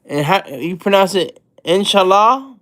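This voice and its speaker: A man's voice: fairly high pitch, measured pace. A man hosting a casual livestream, rambling and restarting his sentences, chatting with his viewers and chuckling between thoughts. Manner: rambling, self-interrupting, often repeats words. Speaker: livestream host. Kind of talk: casual livestream commentary, reading chat.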